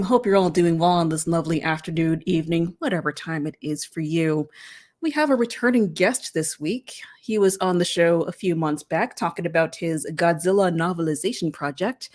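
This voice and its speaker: Woman streamer, low pitch, giggly, friendly, casual chat. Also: a little mellow. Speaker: host.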